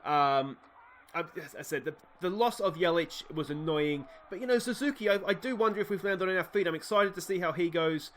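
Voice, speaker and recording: Aussie guy doing excitable let's-play commentary, bright punchy voice, kinda high. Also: brisk, a little hiss or hum. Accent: Australian. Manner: excitable, chatty, bursts into loud cheering. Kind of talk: casual play-by-play game commentary.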